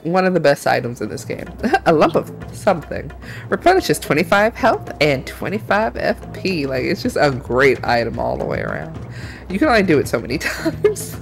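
A woman's voice: deep voice, vocal fry. Giggly woman doing game commentary. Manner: giggly, chatty. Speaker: gaming channel host. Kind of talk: casual let's-play commentary.

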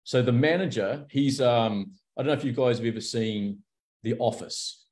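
A man speaks as an interview guest, open and unguarded. He tells his stories with animation and slips into the voices of the people he describes. His voice sits at an ordinary middle pitch for a man. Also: normal speed. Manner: animated storyteller, acts out quoted characters. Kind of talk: candid conversational interview.

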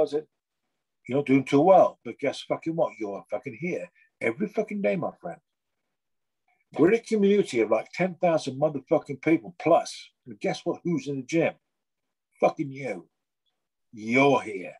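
A middle-aged man from England talks with loose, animated energy, swearing freely as he acts out gym banter. His voice sits fairly high and has a husky edge. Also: moderate pace, rough recording. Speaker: guest artist. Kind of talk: casual chat.

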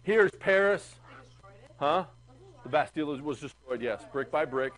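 Animated male teacher lecturing a class. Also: fairly high pitch, unhurried, low-quality recording. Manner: animated, chatty, asks the class questions. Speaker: history teacher.

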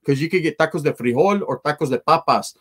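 A man's voice: a little high, quick pace, husky. A man telling a profane, slangy street story to his live chat.

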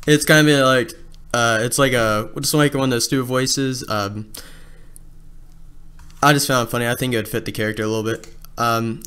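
A man's voice: mid-range voice, a bit bright, clean tone. A man giving a casual, rambling casting call for an abridged series, with many fillers and restarts.

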